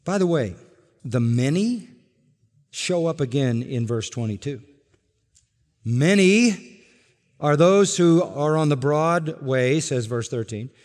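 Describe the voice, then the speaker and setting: A man preaching a sermon as pastor, emphatic, rising to loud declarations and sinking to low, drawn-out endings. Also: animated, in a large hall.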